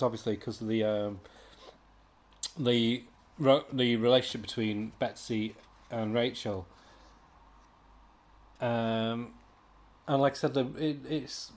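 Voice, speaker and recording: A man's voice: mid-range voice, darkish tone. A British man giving a casual, rambling comic book review, exasperated, with sighs and mocking impressions.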